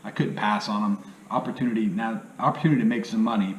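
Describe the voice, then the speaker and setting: A man with a hillbilly accent rambles through a casual vlog in a somewhat low voice. He talks in a folksy, easygoing way and keeps checking in with his listeners. The room is echoey, with a faint hum of ambient noise underneath. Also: fairly even intonation, fast talker. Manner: rambling, folksy, says "you know what I mean" often. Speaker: reselling vlogger.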